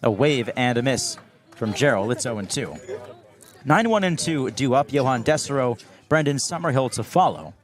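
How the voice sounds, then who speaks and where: Young guy calling a ballgame, even voice, jumps up loud on the big hits. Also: mid-range voice, moderate pace. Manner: steady calls that rise sharply on big plays. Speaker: play-by-play announcer. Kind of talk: baseball play-by-play commentary.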